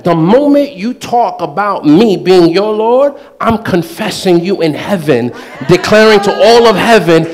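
High-voiced preacher man. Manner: animated, playful, acts out quoted voices with laughter. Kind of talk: sermon.

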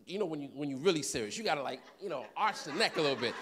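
A man's voice: fairly high pitch, animated, rapid-fire, few pauses, a bit bright. A man preaching a sermon, telling stories, acting out voices and laughing often. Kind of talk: sermon with storytelling.

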